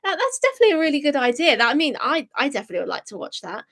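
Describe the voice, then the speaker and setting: Young woman, high bright voice, bubbly live-stream host who reads out chat. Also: rapid-fire. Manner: bubbly, reads chat comments aloud, excitable gasps.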